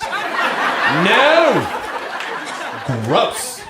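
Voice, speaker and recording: A man from Romania performing a stand-up comedy set on a club stage, mostly deadpan with sudden loud high-pitched outbursts. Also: slow pace, long pauses, a crowd in the background. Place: comedy club with live audience. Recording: echoey club with audience laughter.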